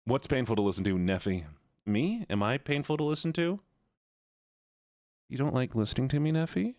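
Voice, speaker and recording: Excitable male streamer chatting with chat; very animated pitch, dry sound. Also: moderate pace, pauses often, no echo. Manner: playful, excitable, teasing chat. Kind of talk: casual live-stream chat.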